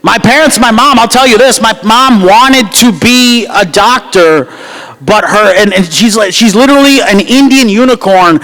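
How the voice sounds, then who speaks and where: A man from the United States performing a loud, self-mocking stand-up comedy set at a gala banquet. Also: high-pitched, normal speed, low-quality recording. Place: gala banquet hall with live crowd.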